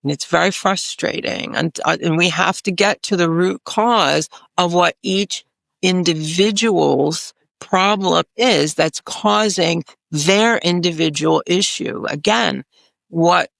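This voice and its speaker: A woman's voice: fairly low pitch, slow, gravelly, a bit bright, no echo, clean studio sound. A woman clinician on a health panel, speaking emphatically and repeating phrases for stress. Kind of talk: panel discussion.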